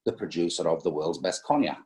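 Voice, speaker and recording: A man's voice: sits low, fairly quick, dark tone. A man being interviewed as a spirits importer, talking casually with many fillers and restarts as he tells stories.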